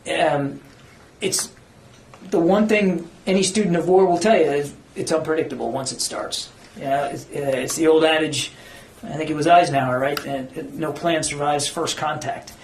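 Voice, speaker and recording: A man's voice: on the high side, fairly even intonation, normal speed, slight background noise. A man speaking as a government spokesman, answering reporters' questions at a press briefing in an earnest, emphatic way, sometimes searching for words. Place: briefing room. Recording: echoey briefing room.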